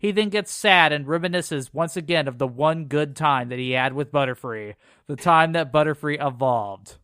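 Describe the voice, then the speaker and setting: A man's voice: a little high, moderate pace, a bit bright, clean tone, dry recording, studio quality. A man co-hosting a podcast, reading an episode summary in a casual way and dropping sarcastic asides. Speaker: podcast co-host recapping episodes.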